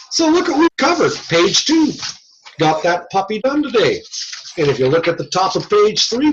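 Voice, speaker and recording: Husky-voiced joking lecturer, a man. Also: on the high side, fairly bright tone, lo-fi sound. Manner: folksy, joking, conversational. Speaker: instructor. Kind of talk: recorded class lecture. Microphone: video call or room mic.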